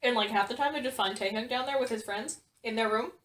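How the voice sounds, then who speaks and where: A woman's voice: on the high side, quick pace. Young woman in an echoey room, laughing. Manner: swears a lot, animated and laughing. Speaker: podcast co-host. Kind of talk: casual chat with a friend. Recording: echoey room with faint noise.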